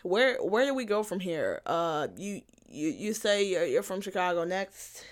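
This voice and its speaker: A woman's voice: lowish voice, very animated, a little slow. A young woman hosting a solo podcast, ranting bluntly with profanity, repeating her points and laughing at herself. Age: young adult. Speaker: podcast host. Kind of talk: casual solo podcast rant.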